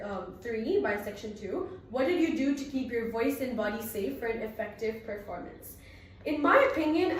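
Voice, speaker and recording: A woman's voice: a little high, slight background noise. A teenage girl taking a drama exam, speaking earnestly with some ums as she reflects on her performance. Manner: earnest, rehearsed, with frequent ums. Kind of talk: exam recitation and spoken reflection. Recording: very echoey room, from a distance.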